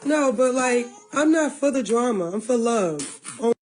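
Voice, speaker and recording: A woman's voice: fairly high pitch, animated, a little slow, darkish tone. A woman on a livestream, rambling emotionally about family and talking straight to her viewers. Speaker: livestreamer in a played clip.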